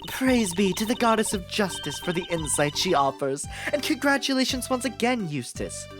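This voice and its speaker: A woman voicing a polished, doting mother figure in a low, formal voice. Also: animated, moderate pace, music in the background, lightly acted. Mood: patronizing.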